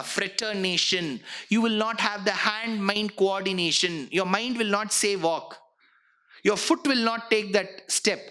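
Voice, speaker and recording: Bright-voiced man giving a religious discourse. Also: high voice. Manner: expressive, explanatory, demonstrates sounds and singing. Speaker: spiritual lecturer.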